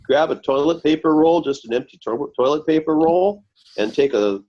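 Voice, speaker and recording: A man giving a slow, halting technical explanation over a video call, pausing often as he walks through pictures. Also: on the high side, a little mellow, muffled recording, slight background noise. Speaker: research group member presenting. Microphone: computer mic on a video call.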